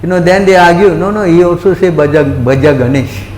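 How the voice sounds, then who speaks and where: Man, lecturer on scripture, slightly high voice, echoey temple hall, faint background noise. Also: fairly quick, darkish tone. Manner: keeps checking that listeners follow, with short questions.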